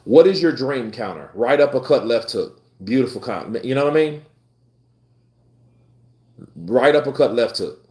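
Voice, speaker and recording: Profane animated man on a roomy live stream. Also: mid-range voice, normal speed, long pauses. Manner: animated, profane, talks back to chat. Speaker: boxing commentator hosting a live stream. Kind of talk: casual live stream chat. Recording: roomy echo.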